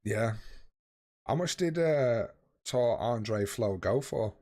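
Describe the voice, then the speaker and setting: A man's voice: mid-range voice, expressive, takes it slowly, a little mellow. A man in his late thirties live-streaming a game, chatting casually and swearing freely with his viewers while tired and yawning. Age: 30s. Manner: swears freely, bantering with chat.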